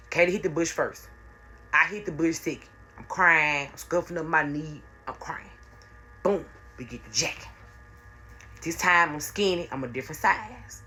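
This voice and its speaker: Young woman, crisp bright voice, chatty slangy storytime, repeats herself. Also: low voice, slight background noise. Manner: repetitive, conversational, slangy. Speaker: storyteller vlogger. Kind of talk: casual storytime narration.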